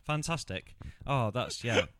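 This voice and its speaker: A man co-hosting a casual film review chat, sarcastic and quick to laugh, often quoting characters in a mocking tone. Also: medium pitch, lively intonation, a bit bright, no echo, clean studio sound. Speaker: podcast co-host reviewing a film.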